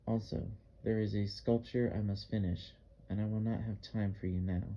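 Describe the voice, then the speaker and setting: A blunt, strong-voiced artist with a vague Russian accent, as a male audiobook reader puts him on. He speaks in insistent, repeated commands, with a low-set voice. The recording sounds dull and slightly lo-fi. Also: steady tone, moderate pace, warm tone. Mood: commanding. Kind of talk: audiobook character reading.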